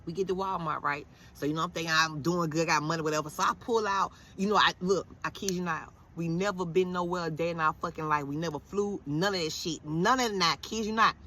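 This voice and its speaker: A woman in her thirties telling a casual, profane story, acting out everyone's lines in an animated way. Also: lowish voice, a little hiss or hum. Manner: animated, profane, quick to quote others.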